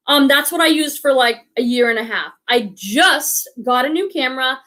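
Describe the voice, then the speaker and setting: Her voice sits high and fairly bright as this Boston-area reseller in her forties runs a relaxed live stream. She reads out comments from viewers and chats along, restarting often as she thinks aloud.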